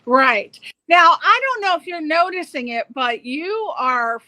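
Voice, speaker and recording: Bright high-voiced woman host. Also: big pitch swings, a little slow, no room sound, rough recording. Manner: chatty, hesitant with many fillers. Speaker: radio show host. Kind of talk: casual video-call interview.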